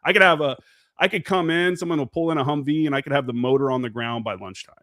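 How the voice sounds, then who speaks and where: A man in his forties, a veteran appearing as a podcast guest, tells stories casually and profanely, acting out remembered dialogue in a storytelling interview. His voice is on the high side, fast and fairly bright, captured in clean studio sound with no echo.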